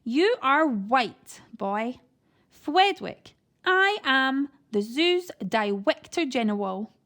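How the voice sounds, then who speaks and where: A woman's voice: high-pitched, big pitch swings, slow, a bit bright, full character voice. A woman voicing a stiff, pompous, very posh male zoo director who says W for R. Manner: achingly posh, R's come out as W's.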